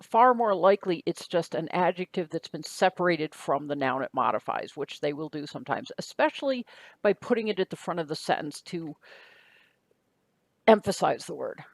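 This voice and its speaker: A woman's voice: deep voice, expressive, normal speed, creaky, dry recording. A woman teaching in a recorded lecture, patient and methodical, talking through each step. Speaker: Greek teacher.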